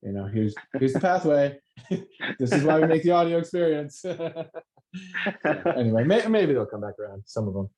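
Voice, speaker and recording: Mellow-voiced man, profane pep talk. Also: fairly high pitch, normal speed, poor audio. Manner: profane, animated, self-help pep talk. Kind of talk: casual motivational chat.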